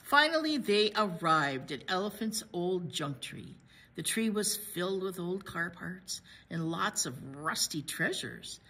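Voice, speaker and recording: A woman librarian reading a picture book aloud to children, pausing to chat about the pictures. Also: fairly low pitch, big pitch swings, bright, forceful tone, husky. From United States. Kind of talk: children's story read-aloud.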